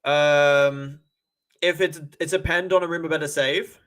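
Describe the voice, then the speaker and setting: Young guy doing a live footy watch-along, kinda high voice, gets worked up and repeats himself a lot. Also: unhurried. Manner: excitable, stammers and repeats himself when agitated. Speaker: football fan livestreamer.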